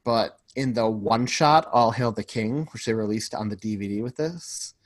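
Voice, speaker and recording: A man's voice: on the low side, moderate pace, dry recording. Chatty man, dry close sound. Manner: talkative, fills speech with "like". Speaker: podcast co-host. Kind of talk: casual chat.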